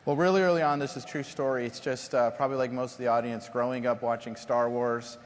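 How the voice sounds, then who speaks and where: A middle-aged man, a company founder, being interviewed onstage and telling animated stories that act out dialogue. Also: medium pitch, fast. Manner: animated storyteller, acts out dialogue. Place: conference stage before an audience. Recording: long hall reverb from stage.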